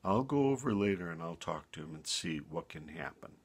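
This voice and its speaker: A man voicing a kind, serious shepherd in a calm, measured tone for a bedtime story. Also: low voice, slightly rough, full character voice.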